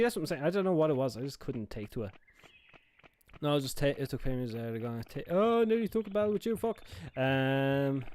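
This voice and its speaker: A man's voice: medium pitch, a little mellow. A man chatting casually on a live gaming stream, rambling and swearing as he goes and often correcting himself mid-sentence. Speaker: game streamer.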